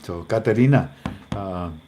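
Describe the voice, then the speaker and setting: A man's voice: deep voice, a little slow, warm tone, a little hiss or hum. A man hosting a casual, faith-based livestream in a folksy, rambling way, talking to his viewers as family. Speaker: host.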